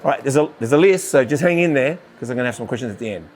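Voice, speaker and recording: A man's voice: mid-range voice, animated, very fast, darkish tone, slight background noise. Australian man hosting a podcast. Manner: chatty, frequent short "yeah" interjections. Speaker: podcast host. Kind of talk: casual podcast interview.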